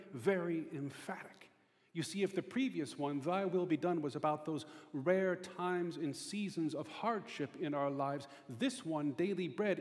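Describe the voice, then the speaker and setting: A man's voice: on the high side, darkish tone. A male pastor preaching a sermon with an emphatic, repetitive cadence. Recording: long reverb of a large hall.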